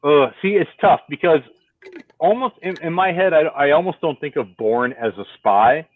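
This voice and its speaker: Male podcast co-host, profane and animated, tinny call audio, dry sound. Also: a little high, moderate pace, no room sound. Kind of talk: casual chat. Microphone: remote call.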